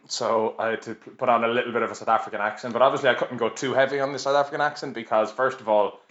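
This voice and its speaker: A young Irish man in his late twenties, a guest on a podcast, tells casual stories in a chatty, self-mocking way and laughs often. His voice is medium-pitched and a bit bright, with fairly even intonation and a quick pace, in a roomy, slightly dull recording.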